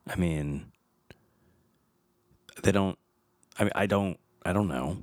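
A man's voice: sits low, slow pace, dry recording, clean studio sound. A man in his thirties hosting a podcast, reading film trivia aloud in a wry, chatty way and stumbling over names. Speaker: podcast host.

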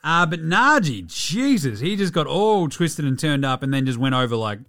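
Animated sweary sports podcaster. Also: male voice, on the high side, moderate pace, faint music behind. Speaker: podcast host. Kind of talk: casual sports podcast recap.

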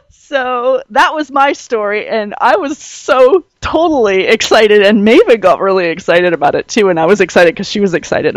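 Casting note: chatty woman host, lively swooping pitch, quick to laugh, dry close sound. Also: no echo. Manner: bubbly, laughs often, animated storytelling. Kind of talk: casual chat.

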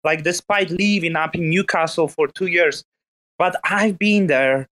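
High-voiced Polish man, rambling banter. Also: a little slow, a bit bright. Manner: rambling, teasing. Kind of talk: casual chat.

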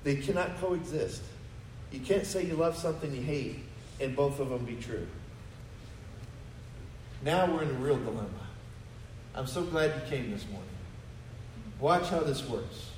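A man's voice: medium pitch, animated, a little slow, pauses often, reverberant, far from the mic, slight background noise, low-quality recording. A man preaching a sermon to his congregation, emphatic and full of rhetorical questions. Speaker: pastor. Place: church sanctuary.

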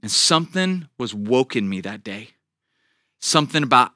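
A man's voice: medium pitch, sing-song, normal speed, pushed and bright, no room sound, clean studio sound. A middle-aged man preaching a sermon as a pastor, telling a personal story earnestly with frequent restarts.

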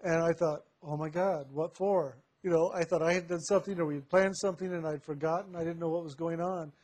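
Man, slightly higher-pitched voice, reflective personal storyteller, unhurried with soft laughs. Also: fairly even intonation.

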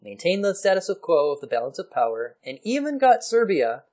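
A man's voice: high voice, sing-song, brisk, a little mellow. Male podcast co-host, casual storyteller, easygoing and playful. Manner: chatty, laughs often, slips into playful voices for historical figures. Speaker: podcast co-host explaining history. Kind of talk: casual history podcast chat.

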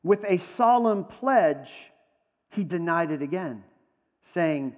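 A man preaching a sermon in a conversational storytelling manner, slowing down for dramatic pauses. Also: a little high, animated, a little mellow, in a large hall. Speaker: pastor.

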